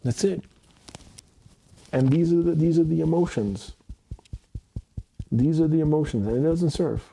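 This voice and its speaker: A man's voice: fairly high pitch, a little slow, vocal fry, dark tone. A young man venting angrily on a livestream, swearing heavily and repeating himself. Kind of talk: emotional livestream monologue. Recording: noisy stream audio.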